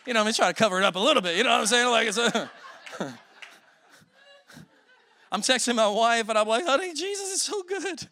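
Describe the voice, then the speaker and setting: A man's voice: high-pitched, brisk, long pauses, bright, forceful tone, a little hiss or hum. A man in his forties preaching a sermon as a guest speaker, telling emotional stories with self-deprecating humor.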